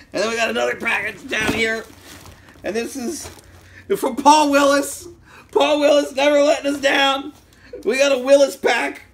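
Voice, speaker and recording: Excitable man with a high, lively voice. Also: a little hiss or hum. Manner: excitable, exclaiming, swings between shouts and mutters. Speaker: vlogger unboxing fan mail. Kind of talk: excited unboxing vlog.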